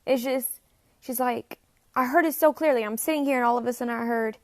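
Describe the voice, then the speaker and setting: A woman talking at home in a casual confessional monologue about a message she feels she received. She speaks haltingly, repeats phrases and sometimes drops to a near-whisper. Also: a little high, no room sound, clean studio sound. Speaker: self-described spirit medium.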